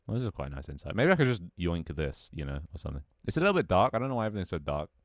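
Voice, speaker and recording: A man with a very low, deep voice talks through a gameplay livestream, rambling, swearing offhandedly and answering his chat. The sound is close and dry, with no room around it. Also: big pitch swings, very fast, no echo. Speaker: streamer. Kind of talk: casual gameplay livestream commentary.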